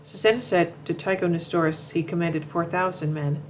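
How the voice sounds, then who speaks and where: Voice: mid-range voice, fairly even intonation, brisk, a little hiss or hum, rough recording. A commentator reading a narration from notes, often stumbling, repeating words and restarting sentences. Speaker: show commentator.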